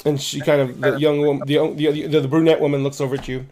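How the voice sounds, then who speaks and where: A man narrating a tabletop roleplaying game as game master, talking quickly with frequent restarts. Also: a little high, flat delivery, mellow, soft background music.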